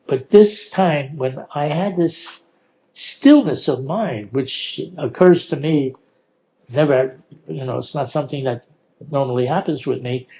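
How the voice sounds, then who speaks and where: An older man telling personal stories in an unhurried way, laughing often as he goes. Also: on the high side, vocal fry, warm tone, muffled recording. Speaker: oral history storyteller. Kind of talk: relaxed personal storytelling.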